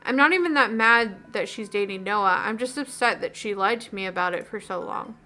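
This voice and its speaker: A woman's voice: mid-range voice, brisk, bright, forceful tone, lightly acted. A woman reading as an upset teenage girl. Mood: hurt. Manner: rambling, gossipy, dejected.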